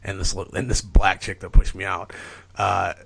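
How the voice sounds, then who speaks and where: Deep-voiced, husky, and marked by vocal fry, a man on a podcast recounts a long, wandering story at a moderate pace. It's loose, casual talk full of swearing and filler words like "like" and "you know," delivered animatedly.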